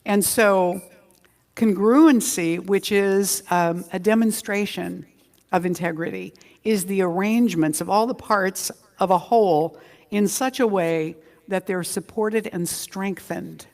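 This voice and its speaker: Lady minister chatting thru her sunday sermon, medium pitch, big echoey hall. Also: darkish tone. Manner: conversational, drawn-out emphasis on key words. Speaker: senior minister. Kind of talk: Sunday sermon with a joke story. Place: community center hall. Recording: long hall reverb.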